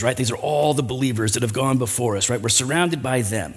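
Animated, lively-pitched male pastor preaching. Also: quick pace, few pauses, slightly rough. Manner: conversational, animated storytelling with asides. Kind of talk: sermon with personal story.

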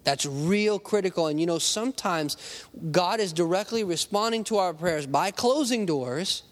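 A man's voice: sits high, expressive, moderate pace. A male pastor preaching a conversational sermon, acting out little voices and talking straight to the congregation. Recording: long hall reverb.

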